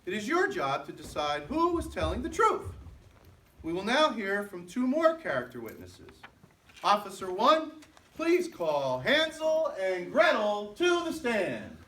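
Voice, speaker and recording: A woman narrating a school play, reading the stage directions aloud in a slow, lively storytelling way. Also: medium pitch, slight background noise. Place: school auditorium. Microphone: far camera. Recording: echoey hall recorded from far off.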